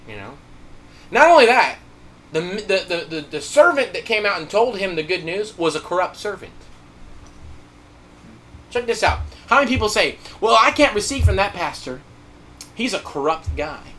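A man preaching a sermon, telling a story with animated delivery and acted-out quotes. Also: sits high, a little hiss or hum.

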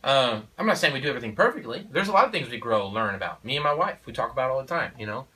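Rapid-fire and lively in intonation, this mid-range male voice is bright and forceful. He's a father of four offering parenting opinions in a casual conversation, emphatic and preachy, with frequent "you know" and "okay?". It's a rough recording captured from afar.

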